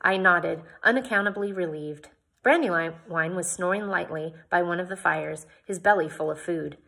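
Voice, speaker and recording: A woman's voice: fairly low pitch, normal speed, vocal fry, fairly bright tone. A woman reading a novel aloud, narrating expressively in the first person and chatting briefly at the end. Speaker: audiobook reader.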